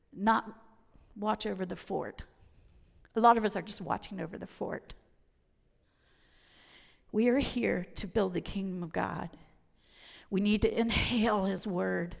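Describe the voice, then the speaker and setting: Gravelly woman preaching in a big hall. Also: medium pitch, slow, pauses often. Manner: dramatic shifts from loud to whispered. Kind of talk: sermon with personal stories. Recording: long reverb of a hall.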